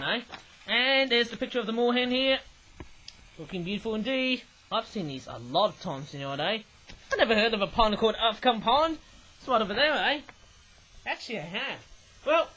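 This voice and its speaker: Young brummie guy reviewing toys, really high bright voice, rambles and keeps saying eh?. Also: slight background noise, rough recording. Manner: rambling, ends phrases with a questioning "eh?". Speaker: toy reviewer. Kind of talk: casual toy review vlog.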